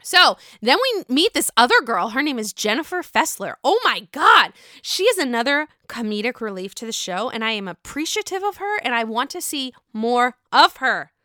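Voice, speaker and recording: A young woman recapping a reality show in a casual, gossipy, animated way, swearing freely. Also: on the high side, normal speed, few pauses, no room sound, clean studio sound.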